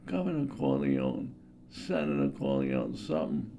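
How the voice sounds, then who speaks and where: A man in his sixties voicing an aging mafia patriarch in a raspy, mumbling voice that swings in pitch. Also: huge pitch swings, measured pace, mellow, a little hiss or hum, full character voice. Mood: weary.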